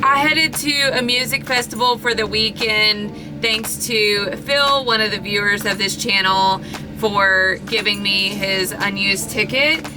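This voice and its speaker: A woman's voice: mid-range voice, measured pace, over music. A woman vlogger chatting casually to camera in a rambling, joking way while camping out of her truck.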